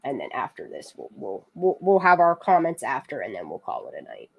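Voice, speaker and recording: A woman's voice: extremely low pitch, wildly swooping pitch, fairly quick, creaky, husky. A woman hosting a casual livestream, talking loosely and swearing freely. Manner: loose, profane, chatty. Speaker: livestream host. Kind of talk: casual live-stream chat.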